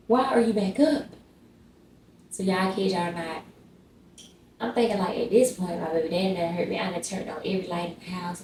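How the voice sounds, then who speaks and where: A woman's voice: medium pitch, warm tone, echoey room, recorded from a distance, slight background noise, poor audio. A woman vlogger telling a casual storytime, chatty and slangy, talking straight to her viewers.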